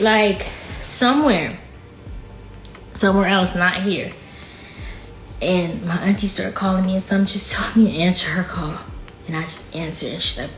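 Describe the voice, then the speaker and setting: A woman's voice: mid-range voice, normal speed. Frank woman telling a hard story. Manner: casual, frank, fills speech with "like". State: emotional, near tears at times. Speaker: guest. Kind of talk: candid personal storytelling. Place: podcast studio. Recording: echoey room with faint music.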